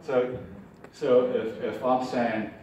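A man teaching a puppetry workshop in a relaxed, chuckling way, demonstrating as he goes. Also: mid-range voice, takes it slowly. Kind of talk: informal workshop lesson. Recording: echoey hall from far off, faint ambient noise.

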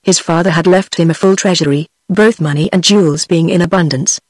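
A woman's voice: lowish voice, no room sound, low-quality recording. Synthetic British woman reading a storybook. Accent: British English. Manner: even, measured synthetic reading. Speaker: audiobook narrator. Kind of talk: text-to-speech book reading.

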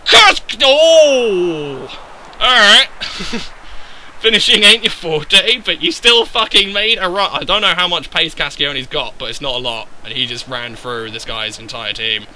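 High, bright, excitable gamer man. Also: moderate pace, hardly any pauses, slight background noise, poor audio. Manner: excitable and sweary, yelling at his players; swings between loud outbursts and low muttering. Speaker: gaming YouTuber. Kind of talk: live gameplay commentary.

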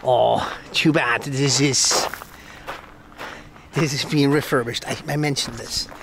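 Slow-talking Swiss man vlogging outdoors. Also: medium pitch, vocal fry, background noise. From Switzerland. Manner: relaxed, musing, drops to a whisper now and then. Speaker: travel vlogger. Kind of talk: casual walking vlog. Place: outdoors by a lake and inside an old church.

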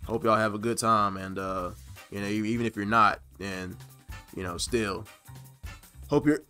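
A man, hosting a gaming video and rambling through a relaxed, laughing sign-off with lots of fillers; his throat is sore from laughing. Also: lowish voice, measured pace, faint music behind. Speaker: gaming channel host. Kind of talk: casual gameplay commentary.

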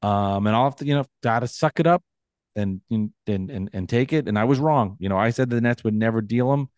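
Male podcast co-host, low pitch, stammering restarts, dry intimate recording. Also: a little mellow, dry recording. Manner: halting, many restarts, wry. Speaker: podcast co-host, Nets fan. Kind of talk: casual sports chat.

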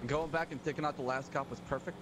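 A man quickly calling out directions in role-play, often repeating his words. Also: a little high, steady tone. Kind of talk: crime role-play, navigating. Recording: audible background noise.

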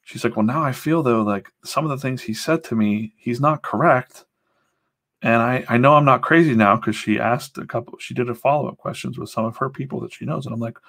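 Streaming as he draws comics, a man with a medium-pitched, creaky, slightly bright voice talks briskly in a casual, rambling way. His loose stories come with swearing and acted-out quotes.

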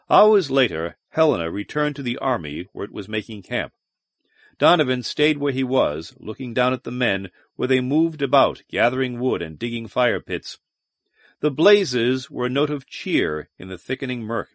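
Man, audiobook narrator, measured, deliberate, mid pitch, dry close studio sound. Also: very animated, no echo. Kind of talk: scripted narration.

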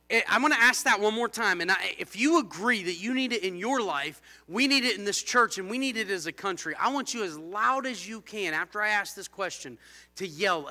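A man preaching a fervent church sermon, swinging between low, intense warnings and loud shouted exclamations. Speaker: pastor.

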